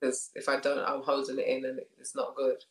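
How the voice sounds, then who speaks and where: A woman's voice: very deep voice, completely flat delivery, a little fast. Candid married woman in a roomy space. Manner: candid, laughing, repeats phrases. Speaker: podcast guest. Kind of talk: casual conversation. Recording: roomy echo.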